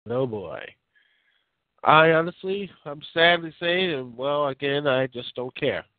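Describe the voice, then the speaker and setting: A man's voice: fairly high pitch, expressive, measured pace, no echo. Guy hosting a call-in show, rambles with lots of ums, tinny phone audio, no room sound. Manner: rambling, opinionated, with frequent fillers and restarts. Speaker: podcast host. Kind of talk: casual call-in show chat. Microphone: phone line.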